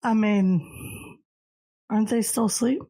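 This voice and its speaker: A woman playing a tabletop game who speaks in a playful, unhurried way. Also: mid-range voice, steady tone, warm tone, rough recording. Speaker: player. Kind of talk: tabletop role-play.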